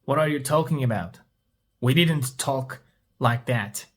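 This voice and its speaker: A man's voice: mid-range voice, a little slow, natural voice. A man voicing an angry adult male doctor in a storybook reading, refusing to pay more. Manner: angry, clipped, read aloud.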